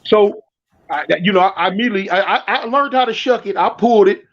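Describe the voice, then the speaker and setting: A man's voice: sits high, quick pace. A man with a Californian accent, casually telling funny stories and acting out the voices of the people in them. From Southern California. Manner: animated, laughing, acts out quoted voices. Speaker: storyteller guest. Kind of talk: casual storytelling. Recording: dull lo-fi stream audio.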